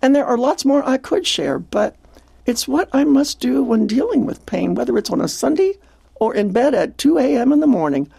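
Older woman, husky, gravelly edge, mellow and dark, dry close studio sound, devotional radio host. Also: high voice, lively intonation, moderate pace, dry recording. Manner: earnest, reflective, quotes scripture.

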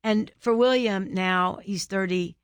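A woman's voice: mid-range voice, slow, clear, resonant tone, no echo. A middle-aged woman, an author guest, telling a personal faith story with earnest storytelling and preachy questions to listeners.

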